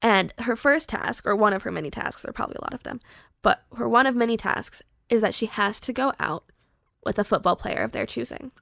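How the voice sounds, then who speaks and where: A young woman podcast host casually pitching a horror story, chatty and animated with lots of filler words. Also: brisk, vocal fry, dry recording, clean studio sound.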